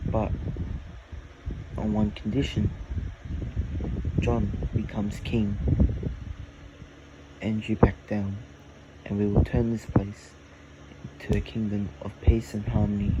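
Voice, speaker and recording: A man voicing a lonely gentle dragon. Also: lowish voice, little pitch movement, muffled recording. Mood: solemn. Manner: slow, solemn, plain storytelling voice. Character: lonely gentle male dragon, last of its kind. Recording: loud air conditioning hum. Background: air conditioning.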